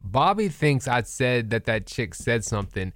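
A man's voice: mid-range voice, big pitch swings, moderate pace, fairly bright tone, no echo. Teasing man telling a story, dry sound. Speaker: podcast host. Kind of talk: casual podcast banter.

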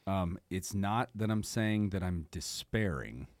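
A man co-hosting a podcast, speaking in a measured, reflective way. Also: sits low, expressive, a little mellow, no room sound. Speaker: podcast co-host. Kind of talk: casual chat.

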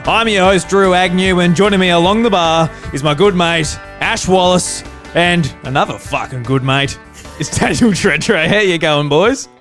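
A man's voice: sits high, normal speed, a bit bright, faint music behind. A man hosting a podcast, chatting casually and teasing his mates. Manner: joking, teasing. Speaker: podcast host. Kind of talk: casual chat.

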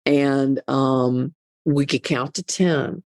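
A woman's voice: very deep voice, fairly even intonation, very slow, a little mellow, dry recording, clean studio sound. A middle-aged woman speaking earnestly in an interview, emphatic and often repeating words as she tells a personal story. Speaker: guest, mother and advocate. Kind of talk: conversational interview.

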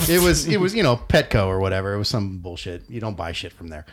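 Middle aged guy rambling about his family, swears a lot, pitch moves around a lot. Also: quick pace. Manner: expressive, swears freely, lots of ums. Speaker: podcast co-host. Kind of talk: casual storytelling chat.

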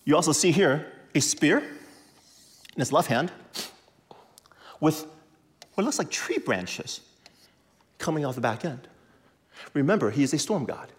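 A man preaching to a congregation in a lively, conversational way, repeating phrases for emphasis and leading the audience to say words back. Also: fairly high pitch, a little slow, pauses often. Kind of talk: animated sermon with audience call-and-response.

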